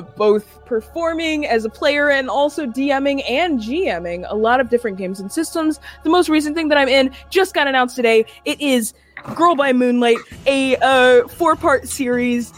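Woman, game master, fairly high voice, chatty, laughing, lots of fillers, faint music behind. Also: animated, moderate pace. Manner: laughing, rambling with many fillers. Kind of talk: casual sign-off chat.

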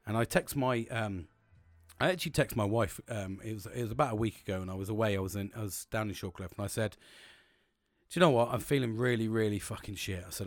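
A middle-aged British man hosts a podcast in a candid personal monologue, speaking fast in a lowish voice. He reflects frankly on his own struggles, swearing a lot and showing real emotion, in a dry, studio-quality recording.

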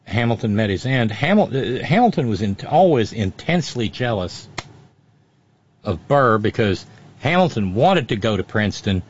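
A man's voice: fairly low pitch, big pitch swings, moderate pace, slightly rough, highs cut off. Wry man telling history on talk radio. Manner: wry storyteller, frequent restarts. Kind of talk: radio talk show commentary.

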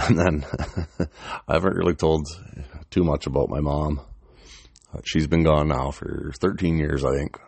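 A man's voice: extremely low pitch, fairly even intonation, unhurried, vocal fry, pauses often, a little mellow, slightly rough, dry recording. A middle-aged man casually telling an old story, swearing freely and chuckling as he rambles.

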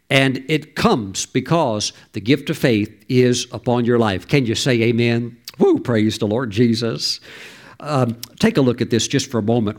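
Man preaching with exclamations. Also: mid-range voice. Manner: storytelling, exclamatory, calls for amen. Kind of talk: sermon.

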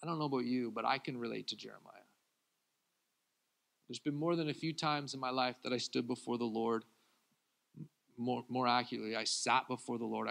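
A man, a pastor, preaching a sermon who swings between loud acted-out pleas and quiet confiding talk, laughing often. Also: medium pitch, fairly even intonation, brisk, gravelly, pauses often.

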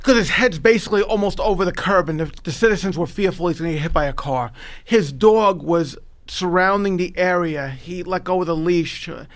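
A man's voice: sits high, a little fast. A man with a New York accent, a podcast guest telling his story with intensity, stammering and repeating words when upset. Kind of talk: emotional storytelling.

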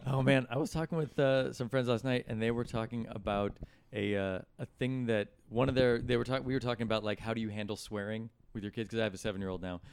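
Speaking quickly in a steady, medium-pitched voice, a middle-aged man, a guest comedian and musician, chats casually in a hotel room. His stories wander, riddled with fillers and restarts, and there's slight background noise.

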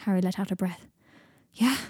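A woman reads the story aloud in an even, gentle way, her voice mellow, warm and a little husky. The recording is close and dry, with no room around it. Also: mid-range voice, fast talker, dry recording. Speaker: audiobook narrator. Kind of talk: fan fiction audiobook narration.

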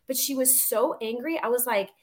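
Middle-aged woman guest, highish voice, animated storyteller. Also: normal speed. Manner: animated storyteller, acts out quotes. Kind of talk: casual chat, storytelling.

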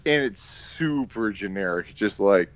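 A man's voice: on the low side, expressive, measured pace, highs cut off. A man co-hosting a casual movie podcast, teasing and playfully grilling the others. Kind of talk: casual movie-review chat.

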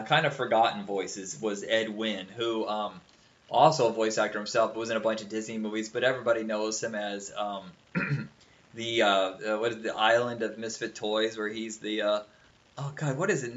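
A man's voice: fairly low pitch, steady tone, normal speed, a bit bright. A man co-hosting a podcast in casual chat, rambling and swearing, often breaking into goofy cartoon impressions. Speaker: podcast co-host. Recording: dull lo-fi sound.

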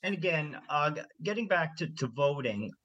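A man co-hosting a radio talk show, putting questions to a guest in a measured way. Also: fairly high pitch, animated, a bit bright, highs cut off.

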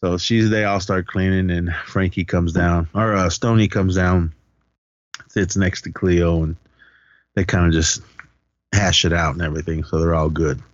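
A man's voice: low-pitched, fairly even intonation, normal speed, no room sound, muffled recording. A man co-hosting a podcast, recapping a film in casual chat and acting out lines in a raised voice. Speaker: podcast co-host.

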